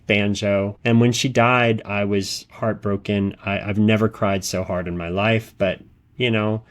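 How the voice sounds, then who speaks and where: A man hosting a podcast, telling personal stories in a rambling, earnest way with many restarts and repeated words. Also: medium pitch. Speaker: podcast host. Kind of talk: casual podcast monologue.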